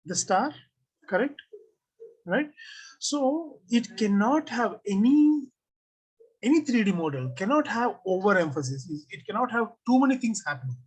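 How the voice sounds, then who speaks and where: A design teacher runs an online class review over a computer mic on a video call. The voice is a little husky and sits at a middle pitch. The teacher keeps asking the class questions and reads out what students type in. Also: lively intonation, normal speed, poor audio.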